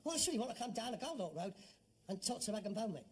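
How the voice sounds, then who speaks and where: A man performs a full character voice as a sarcastic, contemptuous grown son in a 1970s sitcom, sounding mocking and exasperated. He talks fast in a high voice with big pitch swings and a breathy edge.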